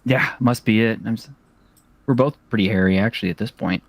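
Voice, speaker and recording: A man's voice: on the low side, brisk, dry recording. Jokey, rambling man hosting. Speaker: host. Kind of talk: casual chat, reading donations.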